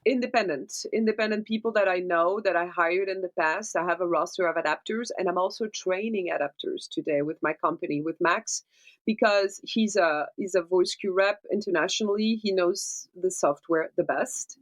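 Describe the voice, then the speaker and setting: A woman, a dubbing producer, gives animated interview answers and keeps checking in with tag questions. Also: on the low side, moderate pace. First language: French. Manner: animated explainer, tag questions like right and okay.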